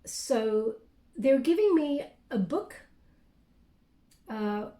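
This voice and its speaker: A woman giving a tarot reading, talking gently and hesitantly with many pauses and fillers. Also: fairly high pitch, animated, roomy sound. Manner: gentle, hesitant, many ums, thanks her spirit guides. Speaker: tarot reader.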